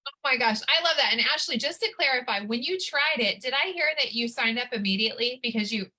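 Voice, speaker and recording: A woman's voice: on the high side, lively intonation, fast, sharp tone, poor audio. A woman hosting a group call, upbeat and encouraging as she brings in speakers. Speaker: host.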